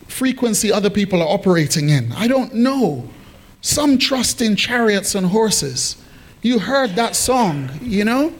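A man with a high voice preaches a lively sermon. He jokes and teases the congregation and calls on them to answer back. It sounds like a live church service. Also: measured pace, husky. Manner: humorous, animated preaching with call and response. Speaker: pastor.

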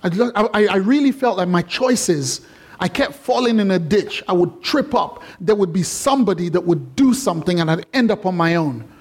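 A male pastor delivers a sermon in a high, bright-toned voice. He is animated and chatty, often breaking into asides and joking with the congregation. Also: moderate pace. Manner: animated, conversational, playful.

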